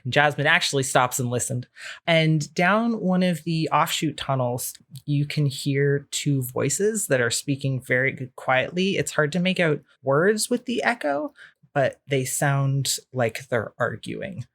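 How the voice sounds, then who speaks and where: A man's voice: a little high, expressive, unhurried, fairly bright tone. A man running a tabletop game as game master, describing scenes in a loose, conversational way with frequent fillers.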